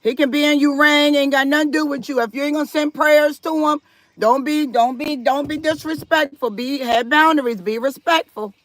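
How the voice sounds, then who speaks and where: A woman's voice: sits high, moderate pace, no echo. A woman hosting a live stream, chatting casually with viewers and reading their comments aloud, firm about respect in her chat. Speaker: livestream host.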